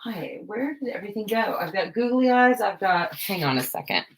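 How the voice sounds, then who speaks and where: A woman's voice: mid-range voice, animated, fairly quick. Giggly scatterbrained woman live-streaming crafts. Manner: scatterbrained, self-deprecating, laughs often. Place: home craft room.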